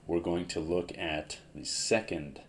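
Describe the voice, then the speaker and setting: A man teaching a grammar lesson, explaining step by step in a slow, methodical way and correcting himself as he writes. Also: low-pitched, steady tone, a little hiss or hum. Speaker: language teacher.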